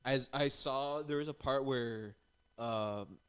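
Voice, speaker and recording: A man's voice: medium pitch, slow pace, a bit bright, smooth. A man cohosting a podcast, chatting casually about a movie, rambling with lots of restarts and filler words and swearing freely. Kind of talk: casual chat.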